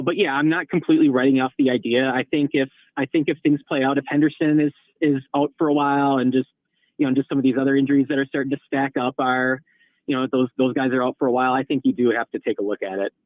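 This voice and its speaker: Fast-talking man on a tinny phone line. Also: medium pitch, dry recording. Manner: rambling, hedging with restarts. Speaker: co-host or guest. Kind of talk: casual sports talk.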